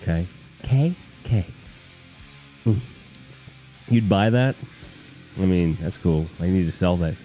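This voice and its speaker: A man's voice: lowish voice, moderate pace, long pauses, mellow, soft background music. A man from the Northeast US, hosting a casual live stream, reading chat comments in a rambling, profane, jokey way.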